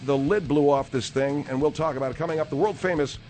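Brisk man hosting a radio show. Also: fairly high pitch, a little mellow, soft background music. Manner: brisk, announcer-like plugs. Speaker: radio host. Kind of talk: talk radio comedy hosting. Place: radio studio.

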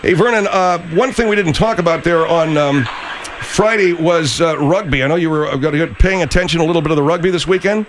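A man's voice: a little high, fairly quick, slight background noise. A man hosting a radio comedy talk show, hesitant and often exasperated. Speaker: host.

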